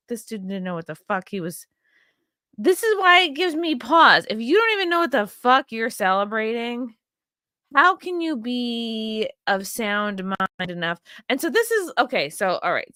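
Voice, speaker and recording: A woman's voice: on the high side, bright, forceful tone, dry recording, studio quality. A woman hosting her own show, giving blunt, profane and rambling commentary on video clips with a sarcastic edge. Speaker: host.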